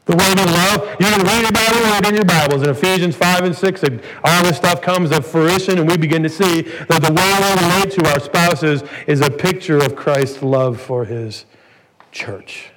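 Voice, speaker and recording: A man's voice: on the high side, normal speed. A man preaching a sermon as pastor, earnest and building to emphatic peaks. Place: church sanctuary. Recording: church hall reverb, faint noise.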